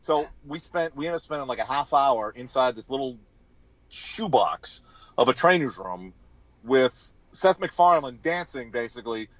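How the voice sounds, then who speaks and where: A man's voice: mid-range voice, moderate pace, no room sound. A man, a former sideline reporter, telling stories in an interview and acting out what people said. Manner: lively anecdote teller who acts out quotes. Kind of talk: interview storytelling. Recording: dull, dry podcast audio.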